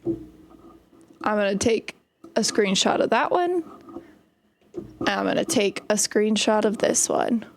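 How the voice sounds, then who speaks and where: A woman's voice: medium pitch, animated, slow, creaky, pauses often, a little hiss or hum. A young woman chatting casually and telling stories while she plays a game on stream. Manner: chatty, storytelling while playing. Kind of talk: casual gaming stream chat.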